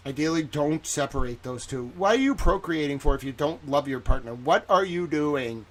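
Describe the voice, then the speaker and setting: Male livestream commentator with a slightly high voice: excitable, rambling, jokey, swears freely. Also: normal speed.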